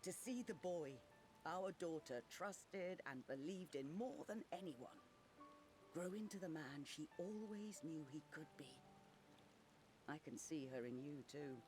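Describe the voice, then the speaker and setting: A loving middle-aged father in a game cutscene, gentle and heartfelt. His voice sits a little high, over clear orchestral music. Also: animated, unhurried. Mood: tender.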